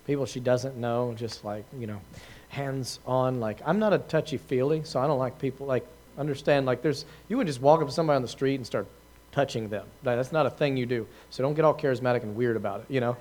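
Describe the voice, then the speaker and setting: A man's voice: mid-range voice, fast talker, few pauses, darkish tone. A man giving an informal talk to a group, telling a story in a conversational way with many fillers, restarts and laughs at himself. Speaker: preacher answering questions.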